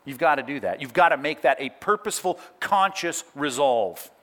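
A man's voice: a little high, normal speed. A middle-aged man preaching a sermon, breaking into acted-out quotes and telling listeners to jot down references. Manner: animated preaching with acted-out quotes and asides to note-takers. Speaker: pastor.

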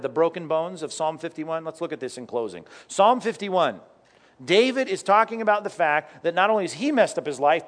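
A middle-aged male pastor preaching a sermon in a conversational way, acting out quotes and asking rhetorical questions. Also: on the high side.

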